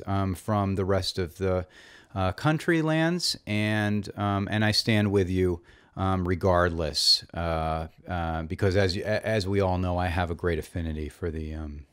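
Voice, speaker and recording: A man hosting a comedy review show, delivering a mock-earnest monologue in a deadpan, rambling way with constant hesitations. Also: deep voice, smooth. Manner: rambling, full of fillers and restarts, deadpan.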